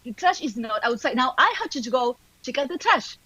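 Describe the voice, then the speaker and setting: Scolding wife, voiced by a woman, Argentine Spanish accent, shrill, exasperated, muffled recording. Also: very animated, a little fast, pushed and bright, slightly rough, no echo, heavily acted. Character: scolding wife nagging her husband.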